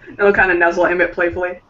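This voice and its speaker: A man's voice: high voice, background noise. A man playing in an online tabletop role-play, who describes his character with many fillers and laughs often. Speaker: player. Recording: muffled voice chat from a distance.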